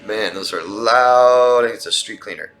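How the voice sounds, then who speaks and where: Bright-voiced male coach answering questions. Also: fairly low pitch, unhurried, soft background music. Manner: earnest, explanatory, repeats and restarts phrases. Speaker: relationship coach. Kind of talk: live Q&A answering viewer questions. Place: outdoors by a street.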